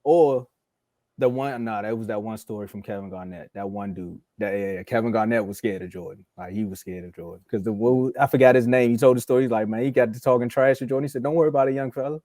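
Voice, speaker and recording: Relaxed man telling sports stories. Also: lowish voice, quick pace, dry recording, clean studio sound. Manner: relaxed storytelling, laughs, says bro. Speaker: podcast co-host. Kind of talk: casual sports talk.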